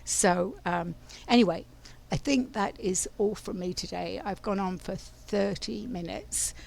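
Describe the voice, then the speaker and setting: Gravelly-voiced London woman, rambling. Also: medium pitch, unhurried, a little mellow. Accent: London English. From London, England. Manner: chatty, meandering, many ums and restarts. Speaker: spiritual channeler. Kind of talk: rambling spiritual talk.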